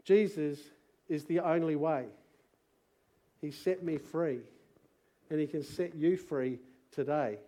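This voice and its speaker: A middle-aged Australian man preaching to a church congregation, moving from quiet personal testimony to loud rallying calls. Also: a little high, slow pace, pauses often. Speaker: pastor. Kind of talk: sermon testimony. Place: church service.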